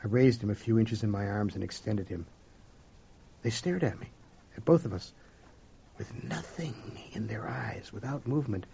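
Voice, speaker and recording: A man reading a first-person story aloud, with a dramatic delivery that swings between hushed whispers and loud outbursts. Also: on the low side, moderate pace, creaky, long pauses, a little hiss or hum. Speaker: audiobook narrator. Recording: dull lo-fi recording.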